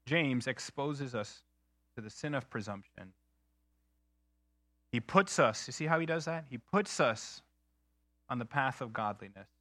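A man preaching a sermon in an earnest, emphatic way, slowing down to stress key phrases. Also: medium pitch, lively intonation, bright, forceful tone, dry recording, studio quality. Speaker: pastor.

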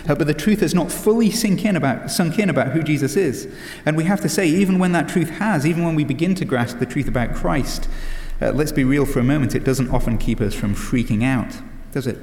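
A pastor preaches earnestly, his sermon full of "uh" fillers and rhetorical questions. His voice sits on the high side, slightly mellow, moving a little fast with hardly any pauses. The echoey hall gives a long reverb.

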